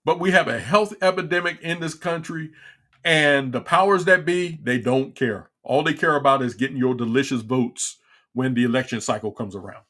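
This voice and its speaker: A man's voice: mid-range voice, moderate pace, sharp tone. A middle-aged man hosting a livestream, ranting in a frustrated, repetitive way with many stumbling restarts. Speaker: livestream talk show host. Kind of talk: casual ranting commentary.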